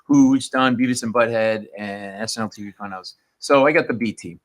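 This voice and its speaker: A man, a comedian, telling stories on a radio show and acting out the people in them. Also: normal speed. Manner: animated storyteller, acts out quoted people in rising pitch. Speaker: comedian guest.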